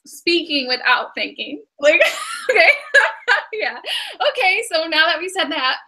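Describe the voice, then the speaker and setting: A woman's voice: very high voice, huge pitch swings, unhurried, sharp tone. A woman giving a casual tarot and astrology reading, chatty and often breaking into giggles. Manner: giggly, chatty, many fillers.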